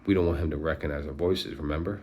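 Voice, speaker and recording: A man's voice: very deep voice, steady tone, fast talker, darkish tone, a little hiss or hum. A man voicing a brash, bold teenage boy in an audiobook. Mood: urgent, low.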